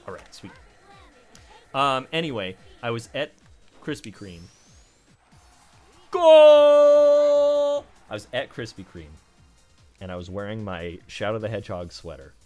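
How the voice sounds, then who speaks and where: Deep-voiced man, laughing storyteller. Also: normal speed, pauses often, pushed and bright, lo-fi sound, faint music behind. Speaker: streamer playing games. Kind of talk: casual chat while gaming.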